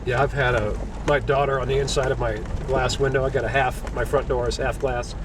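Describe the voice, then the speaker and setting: A man's voice: medium pitch, brisk, far from the mic, background noise. A man chatting at an outdoor camp, telling stories and acting out what people said. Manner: animated storyteller who acts out what people said. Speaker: vlogger on a camping and gold-dredging trip. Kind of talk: casual storytelling chat and solo talk to camera. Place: outdoor camp on a wooded mountain hillside.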